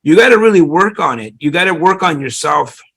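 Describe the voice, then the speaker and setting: A middle-aged man speaks as an interview guest, his voice gravelly and sitting a little high. He rambles through his story, restarting sentences and leaning on fillers as he goes. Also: lively intonation, fairly quick, fairly bright tone. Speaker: real estate investor guest.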